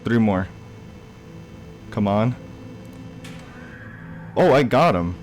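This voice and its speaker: A man's voice: on the low side, expressive, extremely slow, darkish tone, slight background noise. A young man giving casual let's-play commentary on a horror game, reacting aloud with gasps and plenty of fillers. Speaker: gaming YouTuber.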